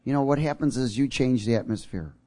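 A man's voice: medium pitch, brisk, warm tone. A male pastor preaching a sermon, calling out to his congregation and chuckling at his own jokes.

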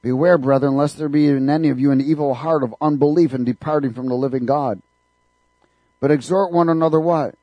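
A man's voice: a little high, fairly even intonation, fairly quick, no echo, dull audio. A man preaching a fervent sermon in a church, calling out questions for the congregation to answer back. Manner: fervent, call-and-response preaching.

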